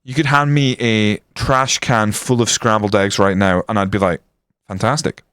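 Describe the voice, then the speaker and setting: A man's voice: lowish voice, moderate pace, smooth, no echo, studio quality. Sweary man ranting on stream. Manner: sweary, ranting, swings to excited commentary. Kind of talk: casual game commentary on stream.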